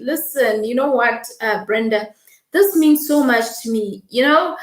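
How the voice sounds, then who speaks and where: A young woman hosting a livestream in a slightly high voice. She talks quickly and effusively, reading out viewer comments and answering them with warmth. The room around her is noticeably echoey. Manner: warm, effusive, reads viewer comments aloud; fast-talking, emotional, laughing. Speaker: livestream host. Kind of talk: casual livestream chat.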